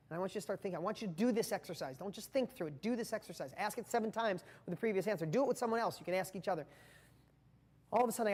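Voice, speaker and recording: A man pours himself into a motivational talk, earnest and intense, turning again and again to address the listener directly. His voice rings out with a long hall reverb behind it. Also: high voice. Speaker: motivational speaker.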